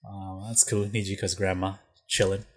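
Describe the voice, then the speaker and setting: Husky low-voiced casual podcast host. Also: male voice, level tone, normal speed. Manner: laid-back, slangy, recapping a show. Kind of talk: casual chat.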